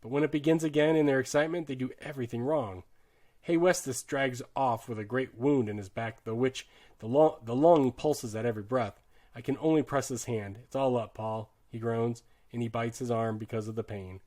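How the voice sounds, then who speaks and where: A man narrates a war novel as an audiobook in a voice of middling pitch. His reading is earnest and dramatic. He drops low for grim passages and rises for tense ones. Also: fairly quick. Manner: earnest, shifts loudness sharply with the drama. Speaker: audiobook reader.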